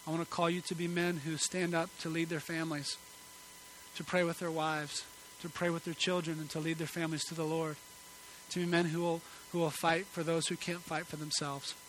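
Casting: male pastor, bright, forceful voice, slightly high, earnest sermon delivery with a faint hum underneath. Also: level tone, brisk, rough recording. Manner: earnest, emphatic preaching that drops to soft pleading. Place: church sanctuary.

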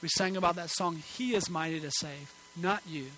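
A man preaches a sermon from a church stage into a microphone. His voice is bright and forceful and sits a little high. He swings between emphatic calls and quiet pleading, and a faint hum runs under the recording. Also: normal speed, rough recording. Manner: earnest, emphatic preaching that drops to soft pleading. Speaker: pastor. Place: church sanctuary.

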